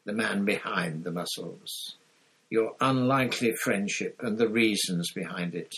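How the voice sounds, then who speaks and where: A man voicing a scheming woman gossip reporter who talks coldly and condescendingly, in a gravelly voice. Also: fairly low pitch, a little slow, a bit bright, heavily acted, rough recording. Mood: wheedling.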